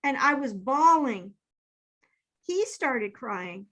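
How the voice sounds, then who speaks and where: Bright-voiced woman in her fifties telling a story. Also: a little high, expressive, a little slow. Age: 50s. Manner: emotional, earnest, acts out quoted texts. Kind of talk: casual storytelling.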